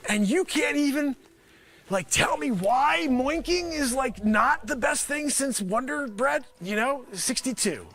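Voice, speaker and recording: A man hosting his own show, rambling through a sarcastic, excitable comic sales pitch. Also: unhurried, gravelly, faint music behind. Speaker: host. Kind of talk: comedic improvised pitch.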